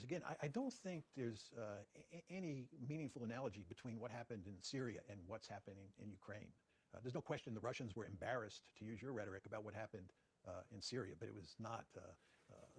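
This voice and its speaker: A man, a professor being interviewed, giving measured, deliberate answers and repeating his key points. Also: fairly low pitch, expressive, breathy edge. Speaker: guest professor.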